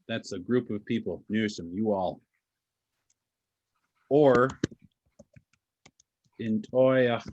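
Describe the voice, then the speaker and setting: A man giving a patient language lecture, explaining pronunciation step by step with dry humor. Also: on the low side. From Alaska. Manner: dry self-deprecating humor. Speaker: language teacher and speaker. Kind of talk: lecture with audience questions.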